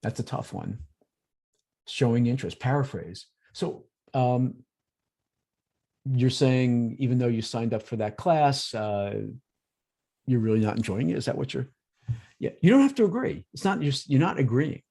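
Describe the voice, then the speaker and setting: A man presenting a workshop in a relaxed, conversational way over a video call, acting out everyday examples. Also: medium pitch, normal speed, creaky, long pauses, slightly rough. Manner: lively, acts out examples in quoted voices. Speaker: workshop presenter on emotional intelligence.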